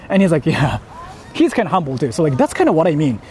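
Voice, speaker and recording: A man's voice: on the high side, huge pitch swings, fast talker, darkish tone, slight background noise. Casual rambling man on the street. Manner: rambling, laughing, reads viewer donations aloud. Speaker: streamer. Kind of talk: casual live-stream chat while walking.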